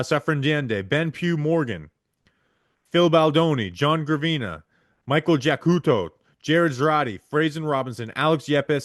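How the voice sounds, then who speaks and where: A man hosting a podcast, reading supporter names aloud in quick succession and stumbling over the hard ones. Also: fairly high pitch, no echo, studio quality. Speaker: podcast host.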